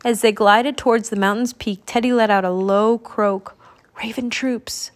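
A woman narrating a children's audiobook with clear, expressive storytelling. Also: mid-range voice, moderate pace. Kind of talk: audiobook reading.

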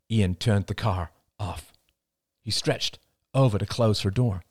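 A man narrating an audiobook chapter in a lively, expressive reading. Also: medium pitch, dry recording, studio quality.

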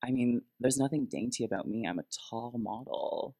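A man's voice: mid-range voice, moderate pace, dark tone. Bubbly drag queen podcast co-host. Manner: upbeat, bubbly, jokey. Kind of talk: casual chat, live podcast. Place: live event stage before an audience.

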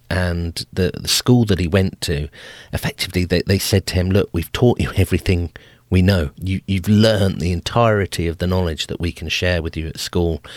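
A man with a low, deep voice tells family stories in a relaxed, chatty way. He chuckles often and restarts his sentences. The sound is dry and close to the mic. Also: no echo. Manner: amused, laughs often, frequent restarts. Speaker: podcast host. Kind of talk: casual storytelling.

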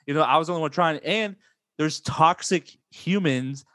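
A man's voice: normal speed, no room sound. Man ranting animatedly, dry close mic. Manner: animated, swings up in pitch when ranting. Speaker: podcast host. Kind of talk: casual gaming chat.

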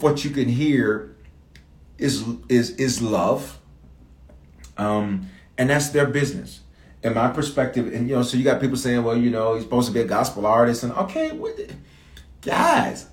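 Speaking as a bishop, a man fields audience questions with an emphatic, repetitive preaching rhythm. His voice is mid-range and the room is reverberant.

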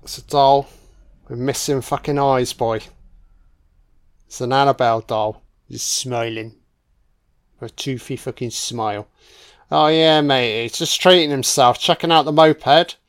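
A man's voice: medium pitch, a little slow, pauses often, smooth. A man giving casual, crude commentary on a horror film, sarcastic and swearing nonstop as he mocks the characters.

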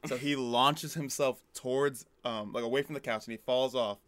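A young man co-hosting a podcast, telling an animated story in casual chat with lots of fillers. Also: mid-range voice, normal speed, no echo. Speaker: podcast co-host.

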